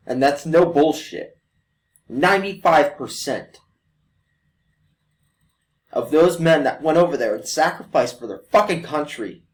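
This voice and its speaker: Young guy ranting hard, cursing nonstop, kinda high voice, desk mic at home. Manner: emotional, swearing, mocking imitations. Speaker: reaction video host. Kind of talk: profane ranting commentary. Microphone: desk USB mic.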